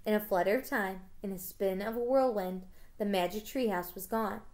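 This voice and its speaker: A woman's voice: mid-range voice, moderate pace, a little mellow. A woman teacher reading a children's book aloud in a casual storytelling way, with small slips.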